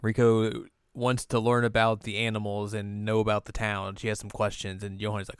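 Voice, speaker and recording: A man with a lowish, smooth and resonant voice, chatting casually as he recaps an anime episode. He often jumps into high, squeaky voices to act out the characters. The sound is dry and close. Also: monotone, moderate pace, few pauses, no echo.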